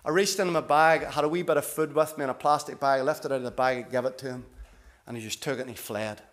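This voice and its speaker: A middle-aged man telling a story in a sermon, often rising and getting louder for emphasis. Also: fast. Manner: animated, rises in pitch and volume for emphasis. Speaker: visiting preacher.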